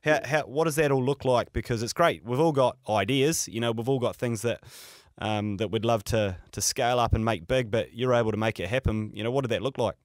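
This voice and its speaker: A man's voice: medium pitch, fairly quick, no room sound. A man hosting a podcast, asking friendly, matey questions with easy restarts. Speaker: podcast host. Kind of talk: casual interview hosting.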